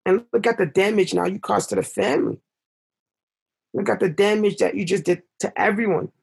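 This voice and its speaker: Young male guest, gravelly and a bit high, impassioned storyteller, rises when upset. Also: steady tone, a little fast. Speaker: podcast guest. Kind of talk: emotional storytelling in conversation.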